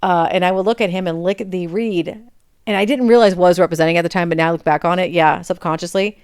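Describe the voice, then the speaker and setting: A woman's voice: lowish voice, fairly even intonation, fast, a little mellow, smooth. A woman in her forties hosting a podcast, talking frankly and chattily in a candid personal monologue. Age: 40s. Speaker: podcast host.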